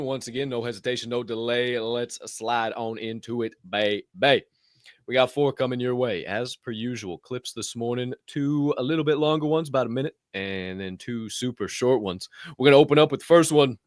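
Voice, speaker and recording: A young man hosting a casual podcast, telling stories with swearing and sudden shouted bursts. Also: mid-range voice, no room sound, clean studio sound. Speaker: podcast host.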